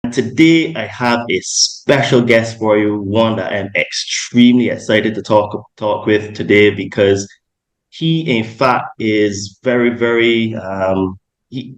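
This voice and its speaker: A man's voice: lowish voice, rough recording. A young adult man hosting a podcast, talking in a rambling way with many ums and self-corrections. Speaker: podcast host. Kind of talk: casual podcast interview.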